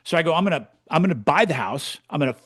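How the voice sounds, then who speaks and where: A man in his sixties co-hosting a podcast, telling his story in a blunt, animated way and swearing freely. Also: on the high side, very fast, no room sound, studio quality. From California. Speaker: podcast co-host, real estate coach. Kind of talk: casual storytelling chat.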